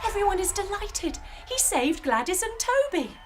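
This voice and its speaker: A woman teacher telling a children's story while leading a yoga lesson, animated and using sound effects. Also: extremely high pitch, normal speed, faint music behind.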